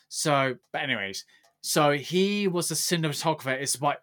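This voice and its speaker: A man co-hosting a casual podcast chat, rambling and animated, laughing often. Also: fairly high pitch, normal speed. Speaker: podcast co-host.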